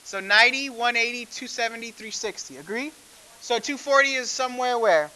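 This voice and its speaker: A man's voice: very high-pitched, fairly quick, pushed and bright, rough recording. A man teaching a math class, talking conversationally and asking the class frequent questions. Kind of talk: classroom lecture.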